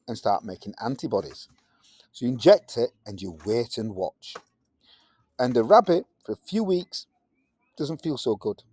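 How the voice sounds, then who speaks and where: Male science teacher, playful in class. Husky, dry voice. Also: darkish tone, no echo. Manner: playful, jumping into high silly voices to act things out. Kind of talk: classroom lesson.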